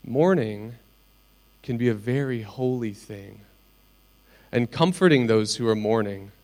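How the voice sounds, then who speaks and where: A middle-aged man preaching a sermon, speaking earnestly and telling personal stories with pauses. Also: on the low side, darkish tone. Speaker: pastor.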